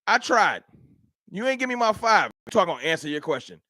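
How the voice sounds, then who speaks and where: Man, high lively voice, trash-talking stream host, dry close mic. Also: fairly quick, no echo. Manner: trash-talking, animated, reads chat aloud. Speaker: livestream host. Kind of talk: casual livestream sports banter.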